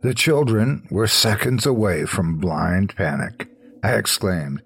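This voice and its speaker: A man narrating a scripted horror story in a slow, low, hushed storytelling manner. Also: animated, creaky, slightly rough.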